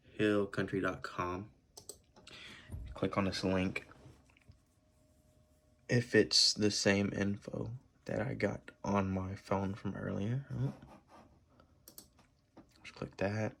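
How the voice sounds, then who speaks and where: A man vlogging indoors at a computer, talking loosely with many fillers and clearing an irritated throat. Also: fairly low pitch, little pitch movement, drawn-out words, long pauses, a bit bright, a little hiss or hum. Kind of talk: casual vlog while browsing the web.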